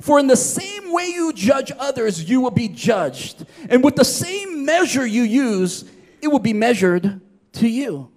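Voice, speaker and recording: A man's voice: extremely high pitch, very animated, a little slow, a little mellow. A man preaching a sermon in an emphatic style, often asking his listeners "right?". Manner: emphatic, repeats "right?" to the audience. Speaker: pastor.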